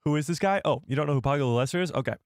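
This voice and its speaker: A man's voice: a little high, racing, no echo, studio quality. A man casually hosting a live stream, chatty and rambling, often correcting himself mid-sentence. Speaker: host of a live show.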